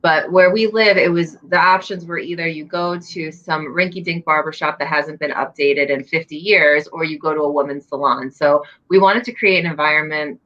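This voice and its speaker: A woman's voice: sits low, moderate pace, few pauses, fairly bright tone, dull audio. A woman in her thirties from Long Island, a business owner talking candidly and easily about family in a casual interview. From Long Island, New York. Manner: candid and chatty, laughs easily.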